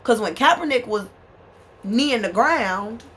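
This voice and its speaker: She talks a little slowly in a high-side, fairly bright voice with lively intonation, over a little hiss or hum. Ranting to camera with passion, the vlogger is angry, emphatic and profane, calling her audience y'all from a small bedroom with a fan going.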